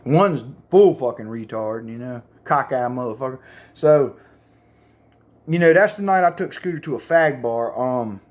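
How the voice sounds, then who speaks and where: A man's voice: mid-range voice, lively intonation, measured pace, darkish tone. A man telling a crude, rambling story to camera in casual, profane chat. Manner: rambling, crude, full of fillers.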